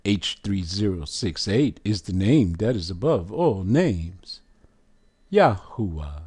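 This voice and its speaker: A man teaches from a chart at a slow, measured pace, pausing often to ask the listener if they follow. His voice sits low. The sound is dry and close, with no room around it. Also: sing-song, darkish tone, slightly rough, no room sound. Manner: asks the listener questions, emphatic. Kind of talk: scripture lesson walking through a chart.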